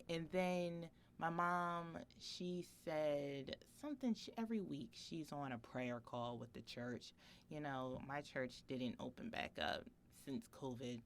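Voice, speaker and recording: Low-voiced woman in her 30s chatting on a podcast, animated storyteller, laughs a lot. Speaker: podcast co-host. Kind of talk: casual podcast chat.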